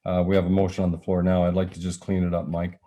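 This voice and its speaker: A Canadian man chairs a council meeting in a deep, flat, mellow voice. He speaks haltingly, full of fillers, and his voice is going. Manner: halting, many filler pauses. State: losing his voice.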